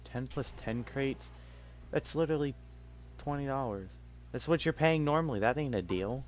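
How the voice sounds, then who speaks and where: A man's voice: mid-range voice, moderate pace, slight background noise. A young man with an English accent, chatting casually while gaming, crude and sarcastic, trash-talking and swearing. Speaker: gamer.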